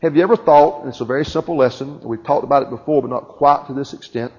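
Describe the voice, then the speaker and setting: A man's voice: medium pitch, fast talker, a little mellow. A man preaching a sermon with fervent emphasis, questioning his listeners as his voice rises and falls. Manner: fervent, rising and falling emphasis, questions to the congregation. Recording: dull lo-fi with long reverb.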